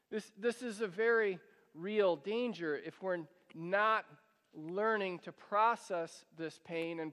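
Pastor guy preaching, kinda high voice, big echoey church sound. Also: fairly bright tone. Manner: earnest preaching, pleads with the congregation. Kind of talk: sermon. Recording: long hall reverb.

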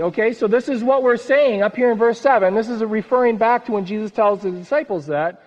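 High-voiced preacher in an echoing hall. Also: male voice, brisk. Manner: earnest, lively delivery that drops soft at phrase ends. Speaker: pastor. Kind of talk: sermon. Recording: reverberant hall, dull sound.

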